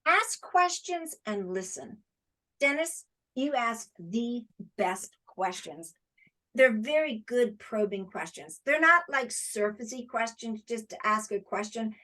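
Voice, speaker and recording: A woman's voice: a little high, a bit bright. A woman presenting an award over a video call, giving effusive praise with emphatic repetition.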